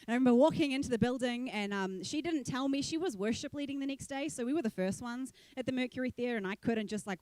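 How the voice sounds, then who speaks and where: A young woman speaker giving a sermon, telling her own story in an animated way and acting out the voices of people she quotes. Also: a little high, no echo. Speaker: guest speaker.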